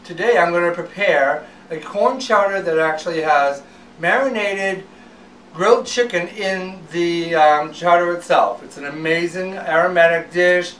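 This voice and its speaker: A man's voice: sits high, measured pace, fairly bright tone, distant mic, slight background noise, rough recording. A man hosting a home cooking show, talking casually with fillers and restarts.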